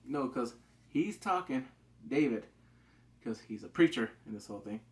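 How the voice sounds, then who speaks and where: Man, casual show review, lively swinging pitch, excitable, acts out quotes, swears freely. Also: moderate pace.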